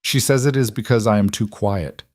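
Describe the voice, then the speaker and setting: A man voicing a reserved crime boss, who speaks calmly in clipped, formal sentences. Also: fairly low pitch, moderate pace, dry recording, close to an everyday voice. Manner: calm, clipped formal sentences without contractions. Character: quiet controlled reserved male crime boss.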